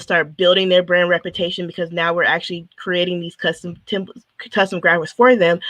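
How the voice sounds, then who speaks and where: A woman's voice: on the low side, no echo, poor audio. A woman guest on a business podcast, chatting casually with a lot of fillers. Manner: bright, chatty, many fillers.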